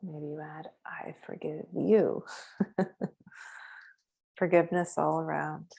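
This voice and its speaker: A middle-aged woman guiding a meditation in a soft, slow, hushed voice, some words whispered. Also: low-pitched, steady tone, creaky, breathy edge. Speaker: meditation guide and author. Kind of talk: guided meditation, then casual chat.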